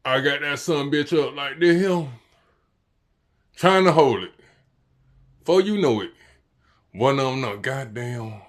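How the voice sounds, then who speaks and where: A man, telling a story in slangy casual talk that swings between loud and quiet. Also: mid-range voice, animated, measured pace, pauses often. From Jacksonville, Florida, US. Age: 40s.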